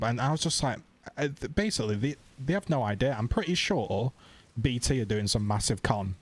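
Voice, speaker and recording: A British man streaming, telling a story in casual, animated chat and swearing freely. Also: mid-range voice, brisk. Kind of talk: casual chat, ranting anecdote.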